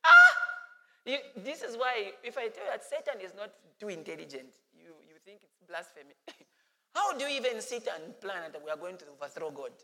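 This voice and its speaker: A man preaching a sermon as pastor, animated and playful. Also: sits high, brisk, long reverb tail.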